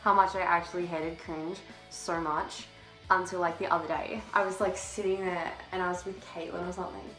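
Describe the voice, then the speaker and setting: A woman's voice: on the low side, little pitch movement, fairly quick, a bit bright, faint music behind. Teen girl vlogger, breathless and giggly, casual swearing, roomy echo. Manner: chatty, swears casually, laughs often. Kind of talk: casual chat to camera. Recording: echoey room.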